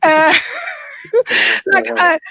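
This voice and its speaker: A high-voiced woman with an Italian accent does stand-up comedy from home over a video call. She talks slowly, often breaks into laughter partway through a sentence, and mocks herself. The sound is dry and close. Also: fairly even intonation, pushed and bright, no echo. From Italy. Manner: chatty, self-mocking, often laughing mid-sentence.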